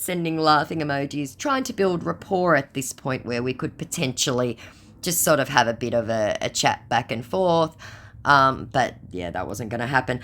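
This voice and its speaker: A woman with a low-pitched voice tells her story in a dry, sarcastic, casual way. Her pitch still moves around a lot as she talks. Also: expressive, moderate pace, fairly bright tone. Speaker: scam baiter.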